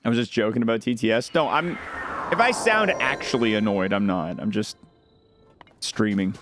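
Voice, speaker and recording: A man streaming a video game, chatting casually and joking in animated little rants. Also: on the low side, moderate pace. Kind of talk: casual gameplay chat. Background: game music.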